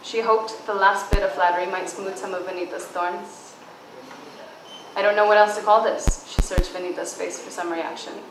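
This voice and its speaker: A woman's voice: medium pitch, fairly even intonation. A woman reading aloud from her own novel at a book launch, giving the dialogue some emphasis. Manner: reads dialogue with emphasis, casual and halting when answering. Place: bookstore event space. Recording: echoey room, far from mic, background noise.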